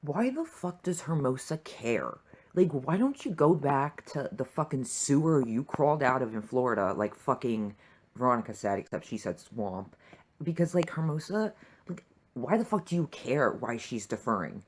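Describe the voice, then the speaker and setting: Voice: mid-range voice, big pitch swings, moderate pace, a little hiss or hum. A young adult fan reviewing a TV episode in a heated, profane rant full of fillers and asides. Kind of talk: reaction rant.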